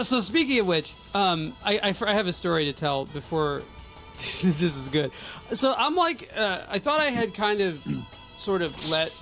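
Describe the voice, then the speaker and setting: A man co-hosting a gaming podcast, telling stories in an animated, swearing, laughing way. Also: sits high. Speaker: podcast co-host. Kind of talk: casual profane storytelling.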